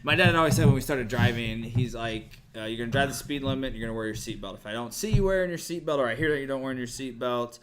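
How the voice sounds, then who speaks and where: A man's voice: mid-range voice, fast talker, few pauses. A young man co-hosting a podcast, telling a prank story in casual chat, swearing and laughing a lot. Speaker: podcast co-host.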